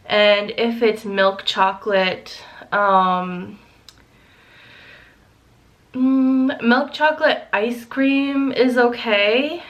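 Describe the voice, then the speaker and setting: A woman's voice: mid-range voice, a bit bright. A young woman chats casually and unhurriedly with her viewers, her words strung together with likes and ums. She breaks into small giggles often and sounds a little emotional at times. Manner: giggly, chatty, lots of fillers. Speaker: vlogger. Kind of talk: casual chat.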